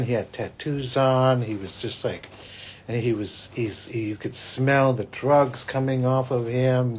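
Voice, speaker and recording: A man, a psychic hosting his own show, telling a personal story in a rambling, restarting way that swings between loud and hushed. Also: mid-range voice. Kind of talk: spiritual podcast monologue, personal storytelling.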